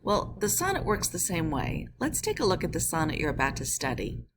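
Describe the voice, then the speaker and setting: A woman teacher narrating a recorded lesson, explaining patiently and slowing down to read verse lines in a measured beat. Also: fairly low pitch, wildly swooping pitch. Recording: noisy background hiss.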